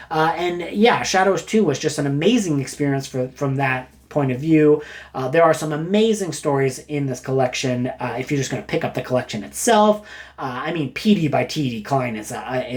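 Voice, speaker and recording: A man casually recommending books, rambling and jokey, getting animated as he retells a story. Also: on the high side. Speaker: book reviewer. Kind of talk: casual book recommendation talk.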